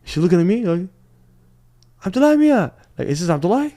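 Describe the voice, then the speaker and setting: A young man in his twenties, chatting as a podcast guest. His delivery is animated, and he mimics other people's voices as he tells stories. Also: high-pitched, racing. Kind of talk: casual podcast chat.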